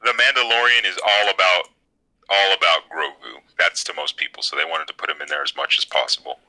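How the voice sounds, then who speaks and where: A man's voice: low-pitched, fairly even intonation, a little fast, bright, forceful tone, low-quality recording. A young man hosting a casual podcast chat, enthusiastic and upbeat, steering the talk.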